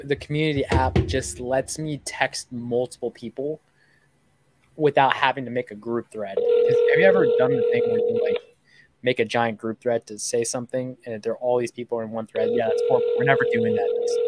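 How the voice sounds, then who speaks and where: A young man in his twenties riffs casually with his livestream audience, tossing out jokes between calls. His voice sits in an ordinary middle pitch, and a steady hiss of noise runs under the recording. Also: a little fast. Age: 20s. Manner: joking, chatty, loose banter with viewers. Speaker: host making seller calls on a livestream.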